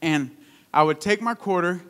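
Young male preacher, sermon delivery, conversational storyteller, voice on the high side. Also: normal speed, fairly bright tone, clean tone. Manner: conversational storytelling with call-outs.

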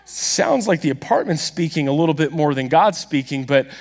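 A man preaching a sermon, telling a story with animated, self-deprecating humor and acting out the dialogue himself. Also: a little high, normal speed. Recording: long reverb of a large hall.

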